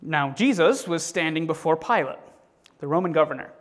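A man's voice: on the high side, animated, normal speed. A man reading a scripture passage with expression, then teaching from it in a casual, unscripted way with frequent fillers and restarts.

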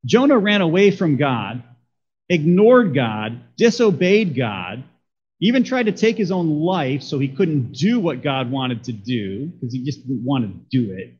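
A man preaches to his congregation in a husky, slightly breathy voice. He keeps it conversational and keeps asking the room questions. The recording is a bit dull and lo-fi. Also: a little high, sing-song, measured pace, darkish tone. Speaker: pastor. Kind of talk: sermon.

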